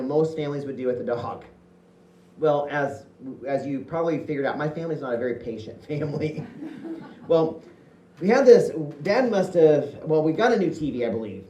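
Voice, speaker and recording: A man from Indiana tells comic stories about his childhood in an animated, chatty way and laughs at his own lines. His voice sits fairly high for a man. He is heard from a distant mic in a roomy, echoey space. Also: muffled recording. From Indiana, USA. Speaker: solo stage performer. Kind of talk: comic storytelling monologue.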